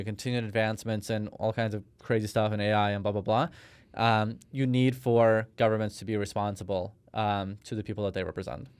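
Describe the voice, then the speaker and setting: A Russian-born man in his thirties, guesting on a podcast, recounts his story in a conversational interview, hesitating often with many fillers and restarts. His fairly low voice is smooth and clear. The close mic gives a dry sound with no room ambience at all.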